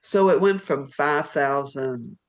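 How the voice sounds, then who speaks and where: A woman from Virginia, a literary agent, telling stories as a podcast guest in an animated, rambling way. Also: low-pitched, slow. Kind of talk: storytelling in an interview.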